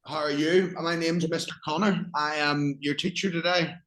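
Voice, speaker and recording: A man with an English accent teaching a language lesson, explaining vocabulary slowly and simply with patient, plain examples. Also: a little high, fairly even intonation, a bit bright, rough recording.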